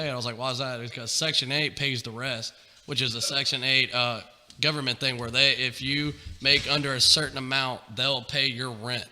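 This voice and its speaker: A man's voice: mid-range voice, fairly even intonation, brisk, sharp tone. A young man, telling rambling stories on a podcast, laughing and swearing freely. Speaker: podcast co-host. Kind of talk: casual storytelling chat. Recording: roomy reverb with faint noise.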